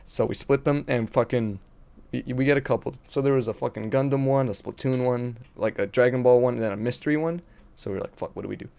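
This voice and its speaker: A man's voice: mid-range voice, a little fast, creaky, mellow, clean tone. A young man co-hosting a podcast, telling a profane story in casual chat. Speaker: podcast co-host.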